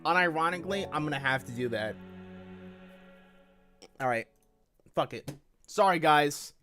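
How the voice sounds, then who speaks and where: A woman's voice: sits low, expressive, a little slow, fairly bright tone, faint music behind. Foul-mouthed woman game streamer. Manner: swears heavily, blunt and frustrated. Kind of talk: live game stream chat.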